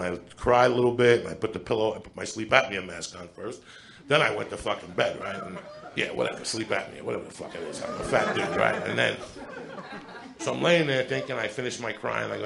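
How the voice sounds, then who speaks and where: A middle-aged man telling a profane, animated story as a stand-up comedian on a club stage into a handheld mic. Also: on the low side, fairly quick, vocal fry, slight background noise. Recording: live club with audience laughter. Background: audience laughter.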